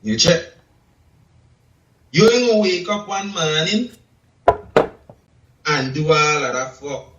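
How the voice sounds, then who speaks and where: A man in casual chat, lecturing slowly and deliberately. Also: fairly high pitch, lively intonation, heavy background noise. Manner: slow, lecturing, asks "you check?". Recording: echoey room, distant dull mic.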